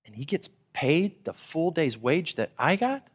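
A man preaching a sermon, with a voice that sits a little high for a man. He gets animated as he reads scripture, then plays out in casual chat what people would think. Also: a little slow, slightly rough. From Texas. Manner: animated, acts out listeners' thoughts in casual paraphrase. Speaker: pastor.

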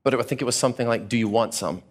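A man preaching a sermon, telling a personal story with animated, acted-out reactions. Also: mid-range voice, very fast. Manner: animated storyteller, acts out his own reactions. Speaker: pastor.

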